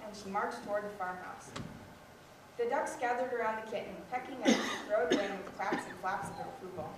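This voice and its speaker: A woman reading a children's story aloud with lively expression at a school program. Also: mid-range voice, normal speed. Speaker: student reader. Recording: echoey hall from far off, noisy.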